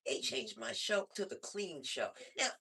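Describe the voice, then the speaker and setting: A man hosts a stand-up comedy night, talking in a loose, rambling way between acts. His voice has a bright, forward edge. He sounds like he is on a club stage mic. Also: high voice, a little slow, gravelly, slightly rough. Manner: loose, rambling, lively delivery. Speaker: comedy show host. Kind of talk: stand-up emcee patter.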